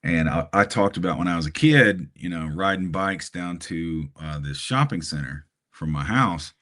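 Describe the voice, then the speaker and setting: This low, bright, forceful male voice belongs to a podcast co-host from Hawaii. Animated and moderately paced, he chats casually through a rambling story full of fillers and chuckles.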